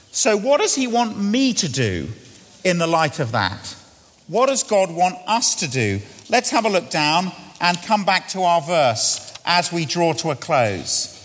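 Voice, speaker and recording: A middle-aged man preaching a sermon, often questioning the congregation and sinking to quiet, hushed lines. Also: high-pitched. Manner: asks the congregation questions, drops to quiet near-whispers. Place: church. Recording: long church reverb.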